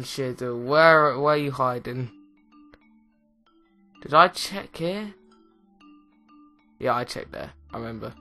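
A young man with an English accent gives rambling, excitable let's play commentary, often mocking himself. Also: mid-range voice, gravelly. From England. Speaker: gaming commentator.

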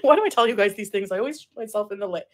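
A woman's voice: mid-range voice, lively intonation, very fast. A woman streaming live, chatting casually with viewers, reading comments and laughing often. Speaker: livestreamer. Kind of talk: casual livestream chat.

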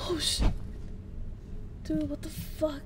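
A woman's voice: high-pitched, level tone, slow, loud music behind the voice. A young woman streaming a horror game, reacting with jumpy shrieks, swearing and teasing banter. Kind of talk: casual live gameplay commentary.

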